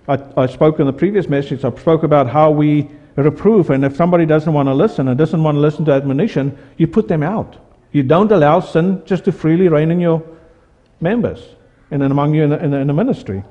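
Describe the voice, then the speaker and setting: Pastor in a hall. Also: male voice, a little high, a little mellow. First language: Afrikaans. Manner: repeats words and restarts, acts out quoted voices. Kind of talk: sermon. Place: church hall. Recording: dull sound with long hall reverb.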